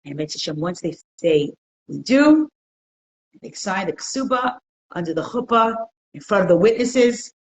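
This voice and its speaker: Speaking in a lowish voice at normal speed, a woman tells lively stories and quizzes her class during an interactive religious lesson. The setting is a community centre classroom, and the audio quality is poor.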